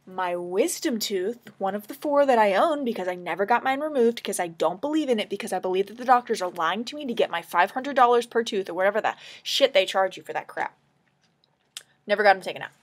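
A vlogger cries as she talks anxiously in a casual confessional vlog, rambling emotionally and sometimes dropping to a whisper. Her medium-pitched voice is fairly quick with lively intonation.

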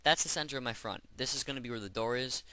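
A man's voice: mid-range voice, fast, sharp tone, no echo. A man hosting a game-building tutorial, chatting casually and rambling as he works through each step. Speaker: Minecraft tutorial host. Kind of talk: gameplay voice-over tutorial.

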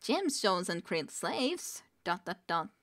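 A woman's voice: on the low side, very animated, slow, a bit bright, exaggerated voice. A woman voicing a tiny winged jungle creature that babbles in tremulous riddles. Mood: wailing. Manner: babbling nonsense, tremulous, sobbing.

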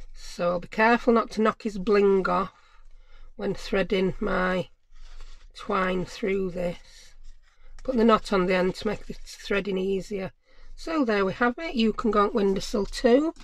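A woman hosting a craft channel, chatting casually and musing aloud to herself as she works. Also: mid-range voice.

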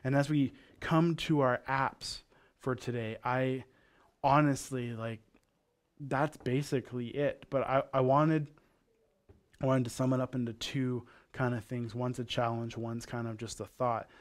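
A man's voice: mid-range voice, fairly even intonation, unhurried. A male pastor from Canada giving a sermon, telling a parable in a casual, conversational way.

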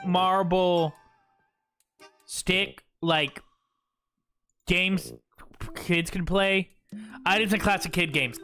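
A man's voice: on the high side, pushed and bright. A man chatting playfully with his livestream chat, joking at his own expense while he plays. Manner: playful, self-mocking, talks to chat. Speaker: streamer.

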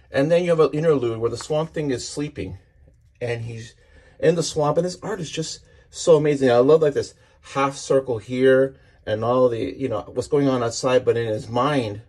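A man's voice: medium pitch, a little mellow, breathy edge. A man casually walking through a comic book issue page by page, enthusiastic and rambling, often restarting his sentences.

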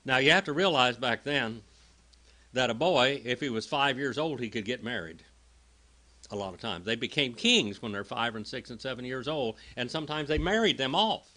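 Bright-voiced preacher teaching scripture. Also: male voice, medium pitch, lively intonation, moderate pace. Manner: conversational Bible teaching, reads scripture then explains it. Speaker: pastor. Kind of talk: sermon.

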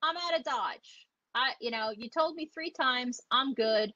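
A woman's voice: sits high, unhurried, bright, forceful tone, dry recording, heavily acted. A woman voicing an easygoing male doodle dog who agrees to leave, in a breezy, agreeable way. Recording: dull lo-fi audio.

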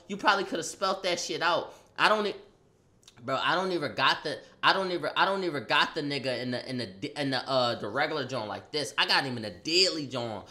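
A young man telling a wild personal story, excitable and profane, acting out a fight with loud sound effects and rambling restarts. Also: fairly high pitch. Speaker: storyteller vlogger. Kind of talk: animated storytelling.

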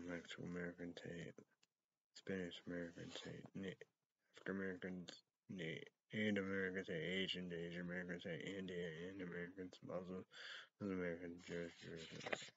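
A man hosting a rambling solo talk show, reading out names and words one by one in a halting way. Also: deep voice, flat delivery, gravelly, fairly bright tone, slightly rough. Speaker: host. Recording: dull lo-fi recording.

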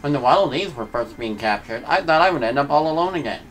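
A man's voice: a little high, lively intonation, fast talker, a bit bright, low-quality recording. A man reading aloud the lines of a small, friendly Waddle Dee townsperson from a game. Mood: earnest.

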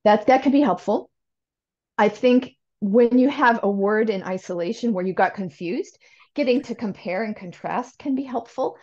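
A woman's voice: on the high side, moderate pace, a little mellow, lo-fi sound. A woman guest in an interview, explaining language learning in a thoughtful way, often correcting herself and acting out learner questions. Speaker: language education expert guest.

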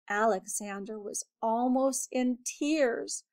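Slow, expressive woman reading a picture book. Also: fairly high pitch. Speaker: teacher reading aloud. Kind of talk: children's picture book read-aloud.

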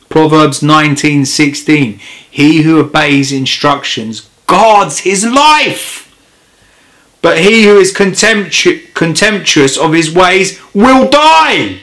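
Earnest preacher, impassioned. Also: male voice, fairly high pitch, lively intonation, slow, a bit bright. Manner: earnest, grows impassioned and emphatic. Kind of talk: informal sermon with scripture reading.

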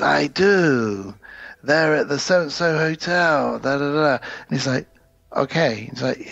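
Man, gravelly husky voice, casual podcast co-host retelling movie scenes; dull lo-fi recording. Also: on the high side, animated, slow, a bit bright, no echo. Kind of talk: casual film recap chat.

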